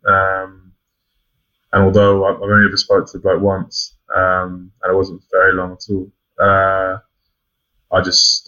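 A man's voice: low-pitched, sharp tone. A young man from England speaking as a podcast guest, frank and casual, swearing freely and filling gaps with ums. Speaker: podcast guest, rugby player. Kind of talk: casual reflective chat. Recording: dull lo-fi sound.

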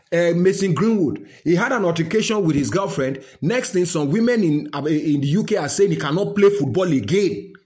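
Indignant high-voiced Nigerian man. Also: darkish tone. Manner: indignant, repeated rhetorical questions. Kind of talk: opinion rant.

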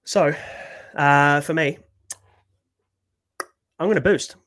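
A man's voice: on the high side, slow pace, fairly bright tone, no room sound. A man co-hosting a fantasy sports podcast, chatty and upbeat with many fillers. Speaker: podcast co-host. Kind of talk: casual fantasy sports chat.

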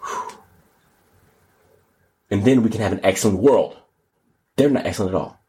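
A man hosting a casual comedic news podcast, slangy and animated, often jumping into high mocking voices. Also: normal speed. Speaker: podcast host.

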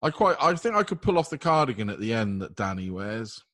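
A British man co-hosting a radio show in relaxed banter, tossing in wry, joking asides. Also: medium pitch, a little fast, dry recording, studio quality. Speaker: radio co-host.

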